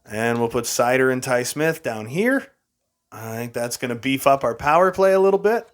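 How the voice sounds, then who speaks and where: A man's voice: mid-range voice, animated, normal speed. A young man giving casual, frustrated commentary while playing a hockey game, talking to himself and laughing at his own bad luck. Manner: frustrated, exasperated, self-mocking with frequent laughs. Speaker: gaming YouTuber.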